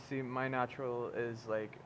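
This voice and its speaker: A man co-hosting a casual podcast, laid-back and quick to agree, telling his own stories. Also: medium pitch, flat delivery, background noise. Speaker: podcast co-host. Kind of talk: casual chat.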